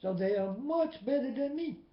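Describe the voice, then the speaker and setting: A man preaching a personal testimony in non-native English, emphatic, swinging between loud and soft. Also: very high voice, animated, normal speed. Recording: echoey, dull lo-fi recording.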